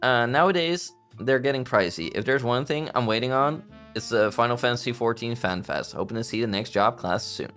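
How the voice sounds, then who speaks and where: A man's voice: mid-range voice, brisk, hardly any pauses, fairly bright tone, faint music behind. A man streaming live as a VTuber, chatting casually and playfully, often giggling and bursting into theatrical outbursts. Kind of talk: casual livestream chat.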